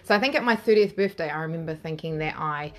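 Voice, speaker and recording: A woman's voice: deep voice, quick pace. Frank, laughing New Zealand woman. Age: 30s. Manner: frank and laughing, swears freely. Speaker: interview guest. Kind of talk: candid storytelling.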